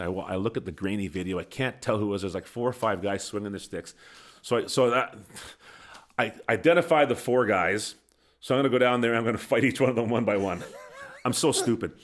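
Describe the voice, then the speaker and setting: A middle-aged former hockey coach telling a lively anecdote as a guest on a podcast, laughing at his own story and acting out what people said, into a studio microphone. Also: on the low side, a little fast. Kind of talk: animated storytelling.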